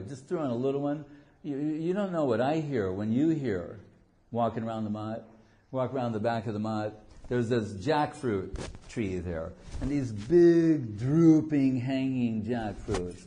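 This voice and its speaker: A man's voice: medium pitch, moderate pace, mellow, a little hiss or hum. A man giving an informal devotional talk as a spiritual teacher, a digressive storyteller who jokes and acts out quotes. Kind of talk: informal devotional lecture with anecdotes.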